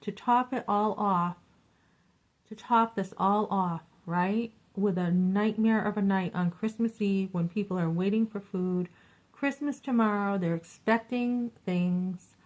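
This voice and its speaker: A middle-aged woman tells a story in a casual vlog, her medium-pitched voice unhurried and the recording muffled. She vents with exasperation, animatedly acting out the quoted dialogue.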